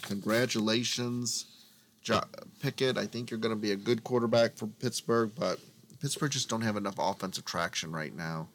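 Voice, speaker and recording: A man with a lowish voice rants through casual sports talk, addressing his listeners as folks. He swings between grumbling and big theatrical declarations, co-hosting a podcast. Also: moderate pace, a little hiss or hum. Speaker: podcast co-host.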